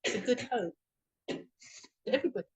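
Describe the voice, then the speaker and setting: A woman's voice: fairly high pitch, animated, a little fast, breathy edge. A woman in the class adding brief affirming comments. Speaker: class participant.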